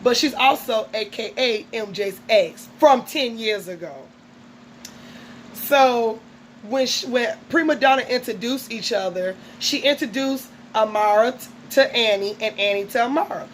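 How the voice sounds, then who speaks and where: A woman with a fairly high voice runs through a TV episode in casual, gossipy chat. She is full of fillers and asides. A faint background hum sits under her voice. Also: a little slow, rough recording. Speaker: reality TV recapper.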